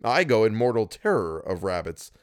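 A charming, flippant young gentleman voiced by a man reading aloud speaks in a gallant, mock-theatrical way. His pitch moves freely. The sound is dry and close. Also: very animated, normal speed, smooth, dry recording.

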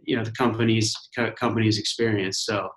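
A man's voice: fairly low pitch, little pitch movement, a little fast, roomy sound, rough recording. A man from Arizona, a guest in a casual interview, speaking unhurriedly with frequent restarts. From Arizona, USA. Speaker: guest, commercial real estate owner.

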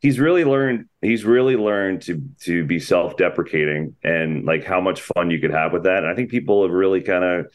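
A man with a very low, deep voice talks about athletes he works with. His speech is loose and rambling, full of restarts, fillers and slang, in an easygoing podcast chat. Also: moderate pace, hardly any pauses. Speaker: sports broadcaster guest.

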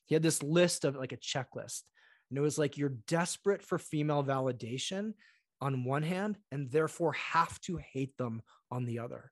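A man speaking as a podcast guest, his voice on the higher side for a man. He tells stories in a lively way and slips into the voices of the people in them. The sound is close and dry. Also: normal speed, no room sound. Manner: animated storyteller acting out quoted voices. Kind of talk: conversational interview.

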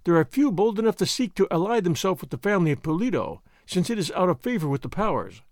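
A man's voice: high voice, sing-song, quick pace, darkish tone, no room sound, studio quality. A man voicing a proud, flustered young noblewoman in a formal, agitated manner. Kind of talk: audiobook character voice.

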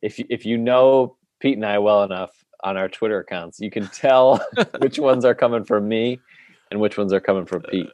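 A man's voice: on the low side, moderate pace, darkish tone, no echo. A man co-hosting a podcast, bantering and laughing easily in casual chat. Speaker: podcast co-host.

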